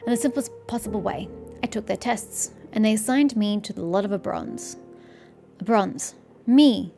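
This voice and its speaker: A woman's voice: mid-range voice, normal speed, creaky, mellow, faint music behind, close to an everyday voice. A woman doing a surly, boastful bricklayer ranting. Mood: indignant. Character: surly, arrogant male bricklayer, self-pitying and ranting.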